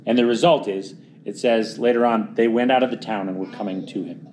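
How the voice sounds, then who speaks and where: Earnest male preacher, dramatic quiet drops. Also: on the low side, fairly even intonation, a little fast, noisy background. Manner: earnest, swings between quiet dramatic drops and louder emphatic pushes. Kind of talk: sermon.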